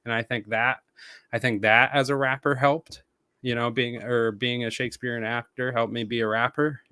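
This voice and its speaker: A man, a rapper and stage actor, talking casually as a podcast guest, animated and full of "like" fillers. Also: medium pitch, normal speed, smooth, dry recording.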